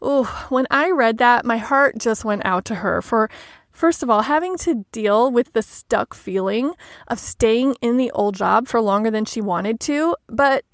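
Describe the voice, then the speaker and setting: A woman with a high, light voice talks through a coaching podcast, gentle and measured. The sound is close and dry, with no room around her. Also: animated, no echo. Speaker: life coach podcast host. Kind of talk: solo podcast talk.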